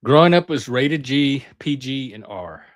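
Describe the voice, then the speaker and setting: A middle-aged man hosting his channel recalls the past in an unhurried, mid-range voice with lively intonation. The casual monologue drifts around, chatty and peppered with sentences he drops halfway through.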